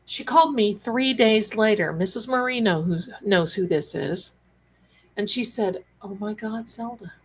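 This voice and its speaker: A woman hosting a live spiritual talk stream, chatty and animated, calling viewers her darlings. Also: mid-range voice, unhurried, husky, low-quality recording. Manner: chatty, animated, acts out quoted dialogue, calls viewers darlings. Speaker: psychic and tarot host.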